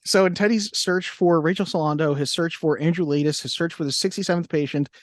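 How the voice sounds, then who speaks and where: A man's voice: fairly high pitch, no echo. A man co-hosting a casual movie podcast, recapping a plot with fillers and frequent laughs. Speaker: podcast co-host.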